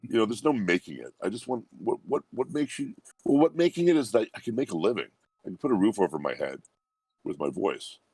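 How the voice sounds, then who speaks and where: Very deep-voiced man, humble and reflective. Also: big pitch swings, a little fast, a little mellow, breathy edge, dry recording. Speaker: guest voice actor. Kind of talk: relaxed interview conversation.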